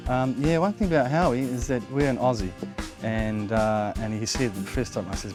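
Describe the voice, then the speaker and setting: Storytelling New man, mid pitch, over music. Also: normal speed. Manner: animated, acts out dialogue in anecdotes. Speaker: interviewee. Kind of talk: casual storytelling. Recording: music playing under the voice.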